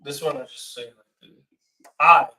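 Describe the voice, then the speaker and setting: A man teaching a class in a casual way, calling out each word loudly for the students to repeat. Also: a little high, fairly even intonation, normal speed. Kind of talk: classroom lesson, call and response. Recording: echoey room, far from the mic.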